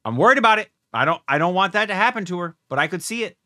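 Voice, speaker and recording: A young man hosts a casual reaction video and thinks out loud as he watches. His voice sits a little high, swings widely in pitch and has a bright edge. He talks excitably, swears often and is recorded in a dry, close space. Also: racing, dry recording.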